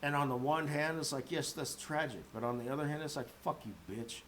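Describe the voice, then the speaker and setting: A man's voice: on the high side, fairly quick, a bit bright. A man ranting on his own in a loose, profane, rambling way, full of fillers, with faint noise behind him. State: a little drunk. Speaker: vlogger. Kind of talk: rambling audio rant.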